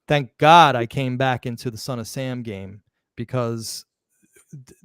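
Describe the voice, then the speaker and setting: A man hosting a live podcast, talking excitedly and emphatically, often restarting words mid-sentence. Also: mid-range voice, a little slow, clear, resonant tone, no echo, studio quality. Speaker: podcast host.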